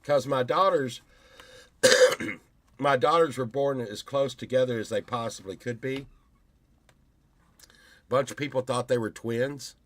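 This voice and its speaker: A man in his fifties talks at an unhurried, drawn-out pace, rambling from one story to the next in a casual vlog monologue. He restarts his sentences often. The recording is close and dry. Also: medium pitch, a bit bright, dry recording. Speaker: YouTuber.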